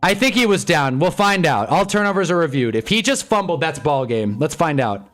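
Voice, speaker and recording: A young man hosting a live stream, commenting on a football game as he watches, swinging from glum muttering to excited shouting. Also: a little high, a little fast, soft background music.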